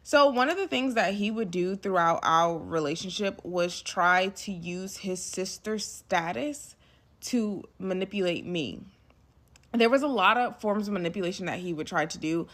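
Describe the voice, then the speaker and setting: A woman's voice: mid-range voice, moderate pace. Young woman telling an emphatic storytime. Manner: emphatic, animated retelling with acted quotes and asides to viewers. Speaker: storyteller recounting a past relationship. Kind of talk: casual storytime monologue.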